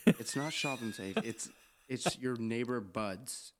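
A man's voice: medium pitch, slow, noisy background. A young man from Southern Maine and band member, joking and laughing as he tells stories in a casual chat. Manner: lively, joking, laughs often.

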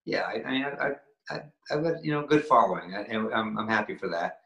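A middle-aged man from Maine with a Maine accent, a guest actor talking in a casual interview with halting, stop-start phrasing. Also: on the low side, animated, vocal fry, pushed and bright. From Maine, USA. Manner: halting, many restarts and fillers. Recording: roomy echo.

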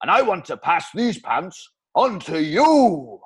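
Spoof ad: a man doing a booming, swaggering Welsh crooner, higher than his usual voice, lively and loud. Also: slow, slightly rough, full character voice. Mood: hammy. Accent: Welsh, put on. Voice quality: exaggerated, booming showman delivery. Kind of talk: comedy spoof advert.

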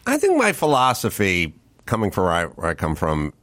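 A man hosting a podcast, joking in a wry, deadpan way during casual chat. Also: fairly quick. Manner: wry, deadpan joking with lively swings in pitch. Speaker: podcast host.

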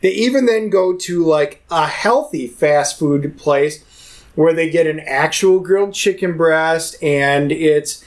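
A man with a somewhat higher voice recaps a documentary for his co-host, slipping into quick voices for each person in the story. He restarts his sentences often and keeps the tone easy and chatty. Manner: animated storyteller, quotes people in voices, many restarts. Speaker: podcast co-host. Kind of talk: casual chat, retelling a film.

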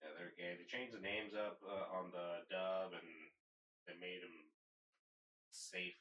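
A man's voice: sits low, level tone, slow pace, sharp tone, dull audio, slight background noise. A man on a podcast, chatting casually with crude, profane jokes and easy laughter. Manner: profane, joking, laughs easily. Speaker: podcast co-host. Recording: roomy echo, distant from the mic, faint ambience.

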